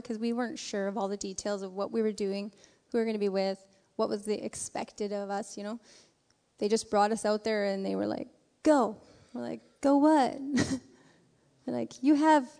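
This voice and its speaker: A woman speaking to a church congregation, telling lively stories about a mission trip and acting out what people said. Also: mid-range voice, vocal fry, in a large hall. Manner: lively storyteller acting out quotes.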